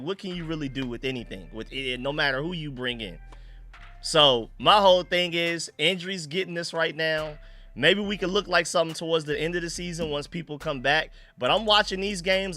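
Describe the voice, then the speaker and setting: Bright-voiced excitable male sports streamer. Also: fairly high pitch. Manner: excitable, slangy, greets chat viewers by name. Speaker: fan live-stream host. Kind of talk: casual live-stream sports talk.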